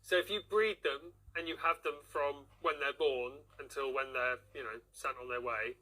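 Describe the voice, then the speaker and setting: Husky, bright-voiced jokey man on radio. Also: mid-range voice, steady tone, moderate pace, low-quality recording. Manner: self-deprecating, jokey. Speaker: radio presenter. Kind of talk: casual radio chat.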